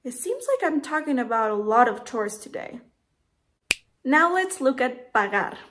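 Woman, Spanish teacher; slow, measured delivery, slightly high voice. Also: animated, background noise. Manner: slow, careful, spells out letters and conjugations. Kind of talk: scripted lesson narration.

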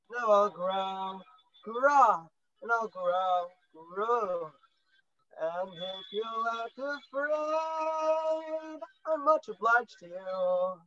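A woman's voice: medium pitch, a bit bright, highs cut off, natural voice. A woman playing Paddy O'Cinnamon, a small Irish teddy bear. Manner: growls playfully, polite and chatty. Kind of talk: high school stage play.

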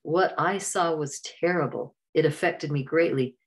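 An earnest young man who leads his friends speaks gently and sincerely, as a woman reading a storybook puts him on. The voice is low and steady. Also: measured pace. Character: earnest, caring young male leader. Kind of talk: storybook narration.

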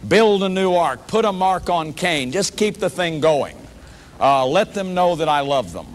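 A man's voice: a little high, sing-song, a little slow. A man giving an earnest counseling lecture, talking in an emphatic way and often repeating words for emphasis. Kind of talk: emphatic lecture on personal growth.

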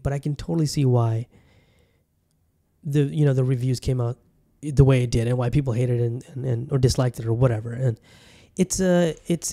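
In Bangkok, a man with a mellow, medium-pitched voice hosts his own podcast, rambling casually. He often restarts his sentences while speaking directly to his listeners.

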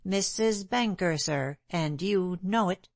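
A woman voicing a stubborn, indignant London landlady in an audiobook, insistent and sharp-tongued. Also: on the low side, slow pace, no echo.

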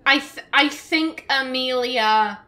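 A woman hosting a game playthrough, talking slowly and expressively as she reacts to the story. Her voice is high and bright, and she wears her feelings openly. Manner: emotional, expressive. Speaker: let's play host. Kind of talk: gameplay commentary.

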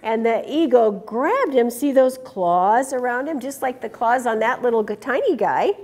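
A woman reading a picture book aloud to children in an animated way, stopping to ask them questions. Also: on the high side, moderate pace. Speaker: storytime reader.

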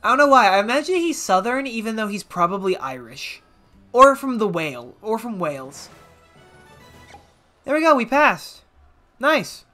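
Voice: medium pitch, big pitch swings, moderate pace, long pauses, sharp tone, faint music behind. A let's play commentator giving casual gameplay commentary, rambling and self-mocking with jokey asides.

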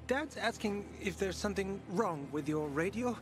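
A man's voice: sits high, lively intonation, moderate pace, slight background noise. An actor playing a curious, earnest young male villager in a video game, asking questions eagerly. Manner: inquisitive, earnest. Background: game music.

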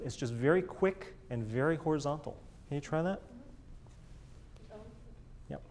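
A man's voice: fairly high pitch, animated, unhurried, pauses often, a little mellow, slight background noise. A man teaching a chamber music master class, encouraging the players and singing phrases in scat syllables. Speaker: bass teacher coaching a chamber group.

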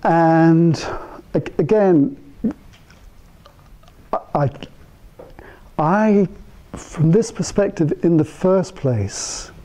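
Mellow older man musing to a small group. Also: fairly high pitch, lively intonation, rough recording. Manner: conversational, anecdotal storyteller who mimics the people in his stories; musing, thinks aloud with pauses and restarts. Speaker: speaker addressing psychotherapists. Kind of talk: informal talk to a small group. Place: meeting room with a small live audience.

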